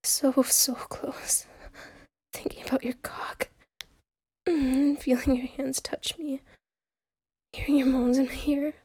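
A woman plays an eager, devoted young secretary in a whispered role-play, pleading in a breathy, intimate hush. Her voice sits high and moves slowly, recorded close and dry with no room around it. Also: little pitch movement, dry recording. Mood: breathless pleading.

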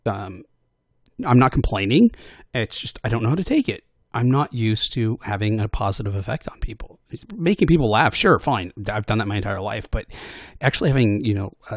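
A man talking in a loose, wandering monologue at a middle pitch, recorded close and dry with no room sound. He is self-deprecating and hesitant, stumbling over restarts and fillers, and keeps slipping into quick character voices to quote other people. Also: a little mellow, dry recording. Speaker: voice actor for audio posts. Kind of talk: casual rambling monologue.

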